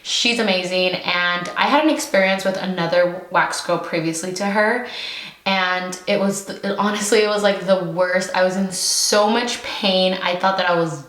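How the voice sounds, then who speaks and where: A woman's voice: on the low side, fairly even intonation, normal speed, a bit bright, reverberant, low-quality recording. Chatty breathless young woman vlogger. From California. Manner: chatty, slangy, eating while talking. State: out of breath, pregnant. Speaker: YouTube host. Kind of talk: casual mukbang chat.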